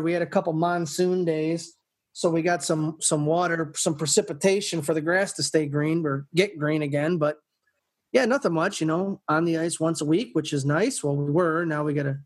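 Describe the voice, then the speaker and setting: A man co-hosting a podcast in casual chat, telling rambling stories with many restarts. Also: fairly high pitch. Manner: rambling storyteller, restarts often. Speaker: podcast co-host.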